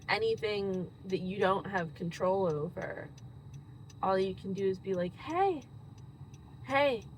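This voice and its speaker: Woman, unhurried delivery, earnest reflective monologue, clear car noise in background. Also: mid-range voice, rough recording. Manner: slow, earnest, thoughtful, with frequent pauses. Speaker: host.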